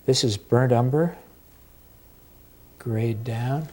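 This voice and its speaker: A man teaching an oil portrait step by step, talking calmly with pauses while he paints. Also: mid-range voice, slight background noise. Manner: slow, unhurried and calm, with pauses while working. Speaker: painting instructor.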